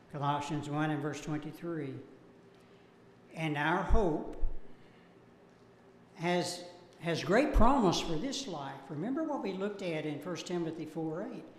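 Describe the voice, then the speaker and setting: Man teaching a church Bible class, slightly higher voice, unhurried, echoey hall, faint room noise. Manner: slow, deliberate, cites verses. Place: church auditorium.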